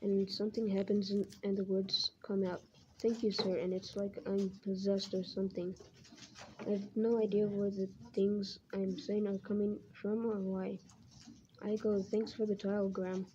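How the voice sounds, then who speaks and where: A teacher, a woman, reading a novel aloud to her class in a plain, even way, now and then stumbling and correcting herself. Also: medium pitch, moderate pace, a little hiss or hum. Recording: muffled lo-fi recording.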